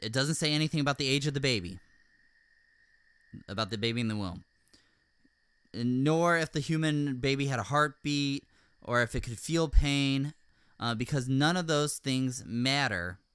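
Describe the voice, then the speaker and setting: A man's voice: medium pitch, moderate pace, long pauses, fairly bright tone, clean tone, no room sound. A man hosting a podcast, speaking in casual and emphatic commentary, often checking in with "all right?". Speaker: podcast host.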